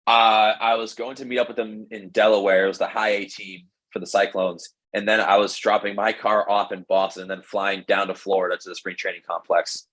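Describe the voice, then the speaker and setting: A young man's low, husky voice, relaxed and conversational. He rambles through a story in a casual interview, stacking fillers and slipping into quoted dialogue. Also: brisk, hardly any pauses, rough recording. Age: young adult. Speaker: pro baseball pitcher, guest.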